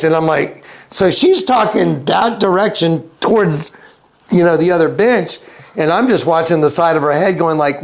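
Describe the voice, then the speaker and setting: Gravelly man telling a wild story. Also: moderate pace. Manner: acts out quotes with big pitch jumps and laughter. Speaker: interview guest. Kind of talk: animated storytelling.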